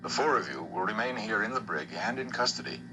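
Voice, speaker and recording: A cool, stern starship officer, voiced by a man with a very deep voice, speaking in calm, measured, formal sentences. He sounds as if he is on an old TV soundtrack, with a clear hiss underneath. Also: natural voice. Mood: coldly firm.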